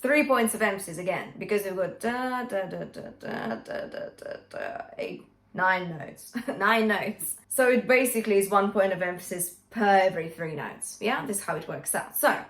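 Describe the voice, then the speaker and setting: A woman's voice: medium pitch, animated, normal speed, a bit bright. A woman vocal coach teaching a singing lesson, talking through technique and singing short demonstrations, checking in with "yeah?" and "okay?" as she goes. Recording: echoey room.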